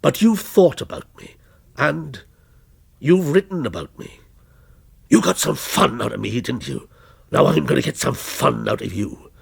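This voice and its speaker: A man voicing a menacing policeman who taunts slowly and coldly, in a spoken story reading. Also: mid-range voice, lively intonation, creaky, breathy edge, full character voice. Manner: slow, cold, taunting. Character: menacing male policeman, a vengeful character come alive.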